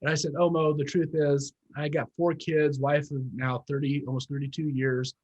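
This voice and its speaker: Husky earnest man in his fifties. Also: a little high, level tone, darkish tone, poor audio. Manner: earnest, reflective storytelling, emphatic slow emphasis. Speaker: guest, former pastor turned real estate business owner. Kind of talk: interview conversation.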